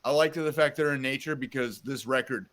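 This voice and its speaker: A man's voice: mid-range voice, a little fast, a bit bright. A man co-hosting a casual podcast chat, rambling and profane, joking at his own expense and drifting into a put-on Southern drawl. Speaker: podcast co-host.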